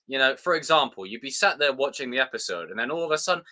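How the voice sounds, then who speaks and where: A British man hosting a casual live review chat, excitable and sweary, with plenty of fillers. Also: mid-range voice, a little fast. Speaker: show host.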